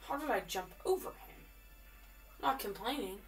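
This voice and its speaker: A woman giving live commentary while she plays a game, chatty and excitable, often repeating words in quick bursts. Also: medium pitch, recorded from a distance, faint music behind. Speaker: gamer.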